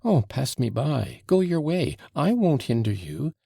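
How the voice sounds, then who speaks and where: A man's voice: mid-range voice, lively intonation, measured pace, vocal fry, mellow, dry recording, studio quality. A man reading an audiobook, voicing an emotional young man who speaks in wild, exclamatory outbursts. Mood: overwrought.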